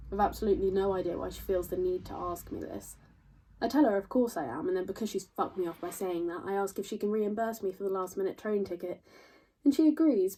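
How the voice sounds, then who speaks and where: A sardonic young woman in her twenties , played by an actress, delivers a stage monologue full of dry, crude asides. Her voice is dark and a little husky. She sounds a touch distant from the mic. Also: medium pitch, close to an everyday voice. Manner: wry, deadpan, crude asides. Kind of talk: theatrical monologue.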